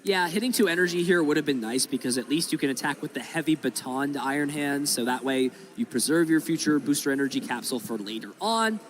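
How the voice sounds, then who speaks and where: A man's voice: fairly high pitch, animated, fast, few pauses, slight background noise. Man calling a card game match. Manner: analytical, explains plays at length. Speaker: commentator. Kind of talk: live card game commentary.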